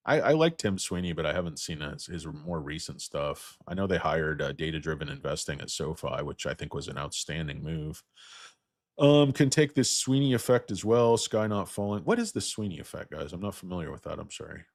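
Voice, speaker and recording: A man with a hoarse voice from getting sick, hosting a casual livestream about stocks. He rambles, jokes crudely and talks to his viewers. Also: very deep voice, brisk, few pauses, dry recording, clean studio sound. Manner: rambling, crude, joking asides. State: losing his voice, feeling sick. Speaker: stock market livestream host.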